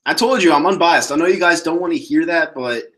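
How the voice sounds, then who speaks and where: A man's voice: fairly high pitch, a little fast. A man hosting a casual solo sports podcast, talking bluntly and swearing as he answers viewer questions. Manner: blunt, profane, animated ranting.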